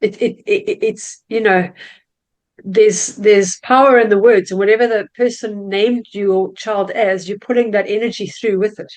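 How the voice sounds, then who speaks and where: A woman's voice: medium pitch, fairly even intonation, moderate pace, a little mellow. A woman hosting a podcast, reflecting aloud in casual chat, with stumbling restarts. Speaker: podcast host.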